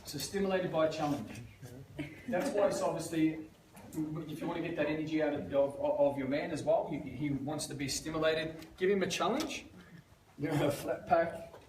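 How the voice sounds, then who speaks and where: Brash male coach, cussing storyteller; slightly high voice, roomy far-off sound. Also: moderate pace, darkish tone. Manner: swears a lot, storytelling with acted quotes. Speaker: life coach. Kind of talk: casual seminar talk. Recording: echoey room, far from mic, faint noise.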